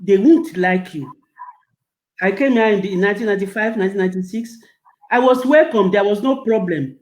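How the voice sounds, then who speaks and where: High-voiced, impassioned older man. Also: brisk, darkish tone, low-quality recording. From Nigeria. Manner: emotional, repeats words when stirred. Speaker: guest. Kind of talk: impassioned interview answer.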